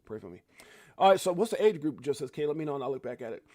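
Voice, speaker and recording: A man's voice: a little high, lively intonation, rapid-fire, dark tone, no echo, studio quality. Laid-back man chatting on a livestream. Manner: laid-back, chatty, calls viewers bro and fam. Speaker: livestream host. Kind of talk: casual live chat reading viewer comments.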